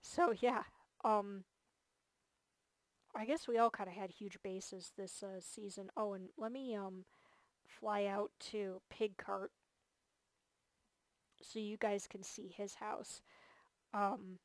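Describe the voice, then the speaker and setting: A woman narrates a casual gameplay tour, gushing about everything she sees and stacking up fillers as she goes. Her voice sits at a middle pitch and sounds tired. The close mic gives a dry, dead sound with no room around it. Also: steady tone, slow pace, long pauses, dry recording. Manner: enthusiastic and gushing, many fillers. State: tired, yawning. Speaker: host of a multiplayer game series.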